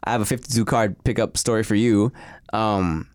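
A young man co-hosting a podcast, telling stories casually and loudly acting out the voices he quotes. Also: lowish voice, fairly even intonation, moderate pace, no room sound, studio quality. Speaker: podcast co-host. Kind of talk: casual storytelling.

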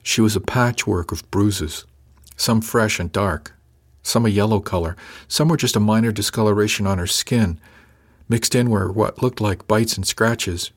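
Calm man narrating an audiobook. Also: lowish voice, moderate pace. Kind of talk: first-person audiobook narration.

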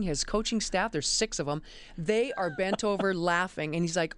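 A middle-aged woman, a college basketball referee, telling lively stories in an interview. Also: on the low side, a little fast, clear, resonant tone, no echo. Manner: animated, emphatic storyteller. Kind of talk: interview storytelling.

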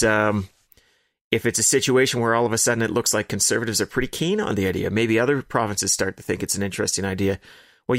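A man breaks down political strategy in a relaxed podcast conversation, analytical and now and then profane. His voice sits low. The recording is close and dry, with no room sound. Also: vocal fry, dry recording. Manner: measured, analytical, occasional swearing. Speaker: political commentator. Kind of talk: casual political chat.

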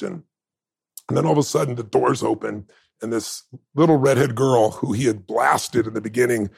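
At normal speed, a gravelly, breathy mid-range male voice tells emotional stories as a podcast guest. He speaks in conversation with intensity, sincerity and strong emphasis.

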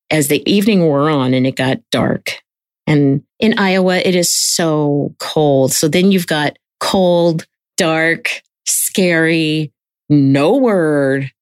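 A woman's voice: low-pitched, no room sound. A woman in an interview, earnestly recalling events as a close family friend. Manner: earnest retelling with quoted dialogue. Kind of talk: recounted personal story.

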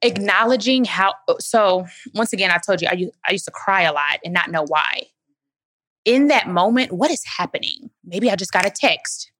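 A woman's voice: medium pitch, animated, moderate pace, fairly bright tone, no room sound, studio quality. A woman speaking as guest at a live Q&A, answering audience questions in an emphatic, motivational way and calling listeners "baby". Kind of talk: live Q&A talk.

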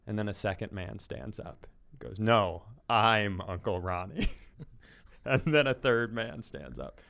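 A man's voice: fairly low pitch, very animated, a little slow, creaky, fairly bright tone. A man co-hosting a comedy podcast, playfully building absurd bits and laughing often in casual banter.

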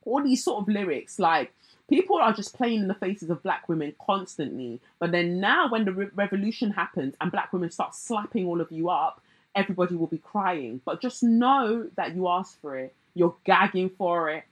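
Husky woman, blunt and sarcastic. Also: lowish voice, animated, moderate pace, poor audio. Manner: blunt, sarcastic, mocks others in put-on voices. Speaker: commentator. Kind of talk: casual pop-culture commentary.

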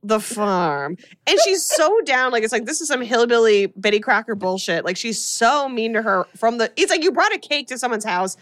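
A woman co-hosting a casual podcast, retelling a film's plot with lively storytelling and quick voiced-out lines for its characters. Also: on the high side. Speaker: podcast co-host recapping a film. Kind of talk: casual chat.

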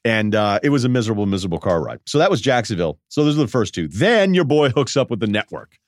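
A man's voice: fairly low pitch, sing-song, quick pace, dry recording, clean studio sound. A man in his forties hosting a podcast, telling casual stories in a loose, self-mocking way and laughing between phrases. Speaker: podcast host. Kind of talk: casual storytelling monologue.

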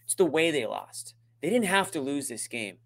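A man's voice: on the high side, big pitch swings, normal speed, creaky, fairly bright tone. A man co-hosting a postgame sports show, talking emphatically and venting his frustration about the game. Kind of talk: sports postgame analysis chat.

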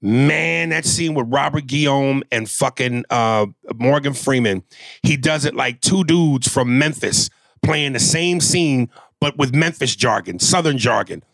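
A man's voice: medium pitch, unhurried, creaky, fairly bright tone, no room sound, studio quality. A man co-hosting a casual podcast chat, joking loosely and swearing freely. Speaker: podcast co-host.

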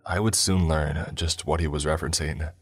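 Brief: male storyteller, very deep voice, measured delivery, soft music behind. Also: fairly even intonation, breathy edge. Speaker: narrator. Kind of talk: scripted story narration.

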